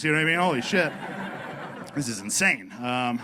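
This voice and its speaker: A man's voice: on the high side, quick pace, bright, forceful tone. A male stand-up comedian telling a profane, rambling set in a comedy club, leaning on "you know what I mean" over audience laughter.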